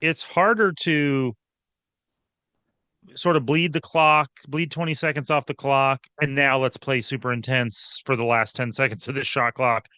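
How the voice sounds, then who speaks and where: A man co-hosting a basketball recap show, breaking down the game in an animated, casual way with frequent restarts. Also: medium pitch, measured pace, clean tone, no room sound. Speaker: podcast co-host. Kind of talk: casual sports analysis chat.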